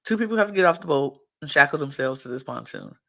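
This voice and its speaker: A woman hosts a podcast and talks through a reality-show episode in a relaxed, chatty way. Her voice has a gravelly, creaky texture, and she acts out what each person said as she goes. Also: low-pitched, quick pace. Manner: chatty, acts out people's quotes. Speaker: podcast host. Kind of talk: casual reality-show recap.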